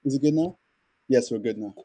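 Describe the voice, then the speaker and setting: A man talking in an animated, slangy and emphatic way during a casual live video chat. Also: medium pitch, fairly quick, no room sound, poor audio.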